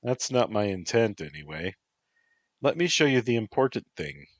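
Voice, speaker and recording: A man's voice: lowish voice, big pitch swings, moderate pace, no room sound, voice pushed up. Man voicing a volatile, tearful young woman. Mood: wry. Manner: pleading, emotional, tearful.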